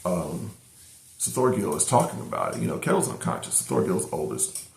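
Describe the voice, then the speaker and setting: Middle-aged male reviewer, low gravelly voice, rambling casual recap in a roomy echo. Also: huge pitch swings, brisk. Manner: rambling retelling with many fillers and restarts. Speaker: anime reviewer.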